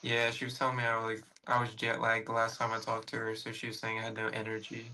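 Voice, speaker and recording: A man's voice: fairly low pitch, monotone, quick pace, bright, forceful tone, a little hiss or hum, low-quality recording. A tired man in casual voice chat, talking hesitantly with fillers and trailing off. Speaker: voice chat participant.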